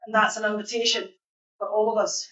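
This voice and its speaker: A woman's voice: medium pitch, little pitch movement, brisk, a bit bright. A Scottish woman minister giving an informal, chatty sermon in a church hall, putting questions to the congregation. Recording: echoey hall, dull sound.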